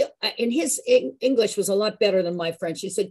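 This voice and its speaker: A woman in her sixties telling a personal story in an animated, chatty way, with a husky voice. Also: medium pitch, a little fast, rough recording. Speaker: show regular.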